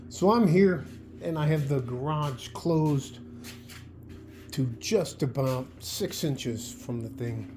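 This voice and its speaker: In his home garage, a man records a casual vlog monologue, rambling, cursing, and getting worked up. His voice is mid-range, and there's noise in the background.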